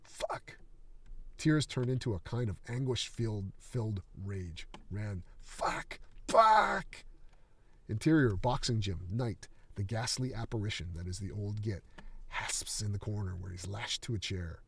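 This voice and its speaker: A man reading his screenplay aloud in a steady, dramatic manner. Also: on the low side, moderate pace, gravelly.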